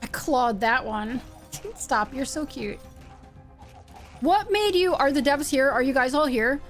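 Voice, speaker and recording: Woman streamer, playful running chatter over a game, higher voice, faint music behind. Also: lively intonation, a little slow. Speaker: live-stream host. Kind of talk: casual live-stream chat while gaming.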